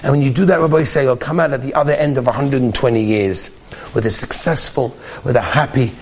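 A man's voice: medium pitch, brisk, husky. A man telling a story with a lesson in an earnest, emphatic way, often repeating himself.

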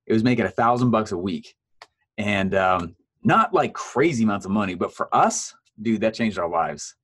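Animated man telling his story. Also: moderate pace, slightly rough. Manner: animated storyteller, acts out quoted voices with big pitch jumps; laughs often, fillers like "uh" and "man". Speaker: guest. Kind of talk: storytelling in a casual interview.

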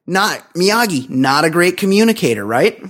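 A man co-hosting a podcast, recapping a film in a rambling, profane, joking way and slipping into quick mock voices. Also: sits high, very animated, fairly bright tone. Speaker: podcast co-host. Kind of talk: comedic movie recap.

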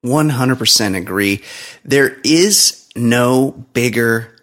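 A man's voice: medium pitch, takes it slowly, a bit bright. A man hosting a casual comedy podcast, joking crudely and swearing, in his morning voice. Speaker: podcast host. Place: home studio.

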